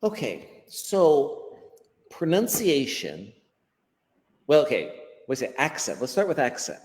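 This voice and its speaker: American man, guest educator, lively pitch, long echo. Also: takes it slowly. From United States. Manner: animated teacherly explaining, acts out quotes. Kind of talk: explanatory interview talk.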